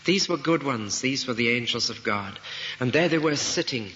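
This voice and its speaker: A man's voice: medium pitch, lively intonation, moderate pace, a bit bright. A male preacher giving a sermon, retelling a story vividly and asking rhetorical questions. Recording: dull recording in a reverberant hall, faint noise.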